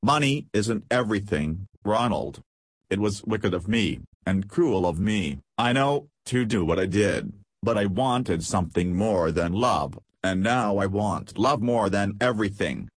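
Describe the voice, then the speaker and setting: A man's voice: lowish voice, animated, unhurried, breathy edge, dry recording. A man reading the part of a proud society lady who speaks urgently and pleads. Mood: pleading.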